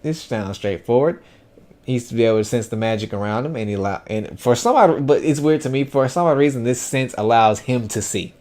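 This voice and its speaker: In a medium-pitched voice that runs a little fast, a man offers his first impressions of an anime. He's animated and chatty, rambling casually with many fillers and restarts.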